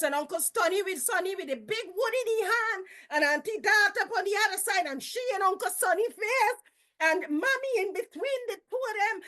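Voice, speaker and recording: A Guyanese woman with a high voice tells family tales in a lively, homely manner. Her Creole turns of phrase run all through her speech. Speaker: storyteller. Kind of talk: casual storytelling.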